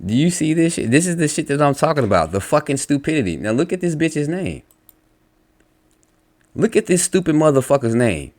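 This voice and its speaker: A religious commentator with a slightly high, darkish voice reacts to online comments, reading them aloud a little fast with big pitch swings. The man's rant is angry and profane, and he lectures bluntly and combatively.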